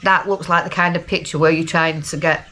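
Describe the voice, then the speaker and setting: A down-to-earth middle-aged woman with a broad Lancashire accent chats and rambles in a casual video diary. Her voice sits low for a woman. A faint background noise runs under the recording. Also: steady tone, brisk, sharp tone. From Lancashire, England. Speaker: vlogger.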